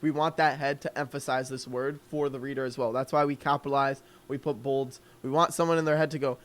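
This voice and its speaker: A man's voice: medium pitch, fairly even intonation, a little fast, few pauses. A young man coaching on copywriting during a live call, loose and conversational, thinking aloud with lots of fillers.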